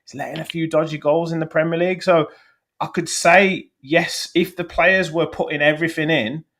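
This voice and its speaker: A man's voice: fairly high pitch, fairly even intonation, normal speed, a bit bright, a little hiss or hum. A man, a guest fan on a football podcast, ranting bluntly about his team.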